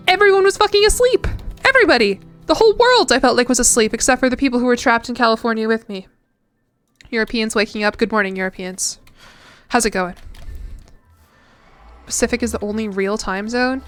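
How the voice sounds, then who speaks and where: A young American woman with a slightly high voice chats loosely with her viewers while she plays a game. She giggles a lot and wanders through her thoughts with plenty of fillers. Soft music plays quietly underneath. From United States. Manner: giggly and chatty, laughs often; rambling with frequent "like" fillers. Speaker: streamer. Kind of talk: casual chat while gaming.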